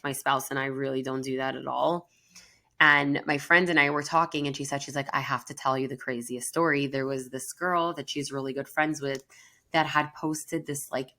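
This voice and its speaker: A woman's voice: low voice, bright, forceful tone. A woman co-hosting a counseling podcast, talking in an earnest, chatty way with plenty of fillers. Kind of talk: casual podcast conversation.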